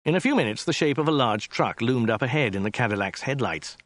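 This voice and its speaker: A man's voice: medium pitch, animated, fast, dry recording. A man narrating an audiobook in a dry, wry storytelling manner. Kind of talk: scripted narration.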